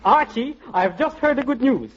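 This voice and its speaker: A man's voice: very high voice, lively intonation, moderate pace. An actor playing an effusive, overly grateful male opera singer in a 1940s radio comedy. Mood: gushing. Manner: effusive, theatrical. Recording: dull, hissy vintage radio recording.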